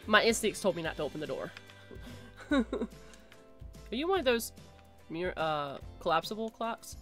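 This streamer's voice is fairly low and sing-song, at a normal speed with long pauses, over soft background music. She offers live gameplay commentary, chattering and reacting, rushing through repeated phrases and shrieking when something goes wrong.

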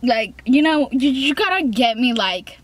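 A young woman chats through a storytime in a slightly high voice. She rambles and restarts, stacks up fillers, and breaks into giggles between lines. She acts out her own side of the story. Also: sing-song, unhurried. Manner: rambling, lots of fillers and restarts, quotes herself. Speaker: vlogger. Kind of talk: casual storytime chat.

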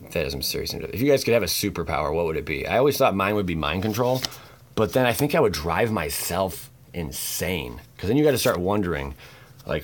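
Deep-voiced, excitable man opening packs. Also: slight background noise. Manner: excitable and goofy, rambling asides, hushed whispers when tense. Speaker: card pack opening host. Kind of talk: casual chat while opening packs.

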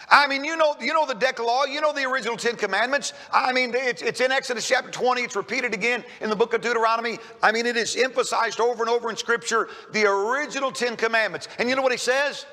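High, bright-voiced man preaching in a hall. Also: fast, few pauses. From Kentucky. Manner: repeats words when starting sentences, emphatic. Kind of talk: sermon. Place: church sanctuary.

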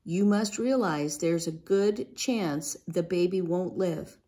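Lady reading as a soft-spoken dad on a ranch, low and slow, kind but worried, storybook voice. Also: vocal fry. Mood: gently worried. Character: kind, worried middle-aged father on a ranch.

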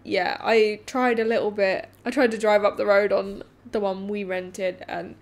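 A woman, co-hosting a podcast in casual chat, candid and quick to laugh. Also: medium pitch, little pitch movement. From England. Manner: laughing, candid, trails off softly. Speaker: podcast co-host.

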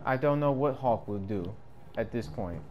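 A man giving casual gameplay commentary in slangy speech, swinging between yelling and mumbling. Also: medium pitch, animated, normal speed, dull audio. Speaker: gamer. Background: game music.

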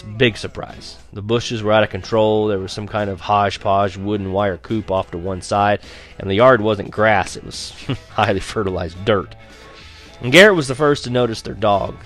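Man narrating a story, lower voice. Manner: lively storytelling, voicing characters with quieter, higher dialogue. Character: boy narrator recalling spying on a neighbor. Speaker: audiobook narrator. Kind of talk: first-person audiobook narration.

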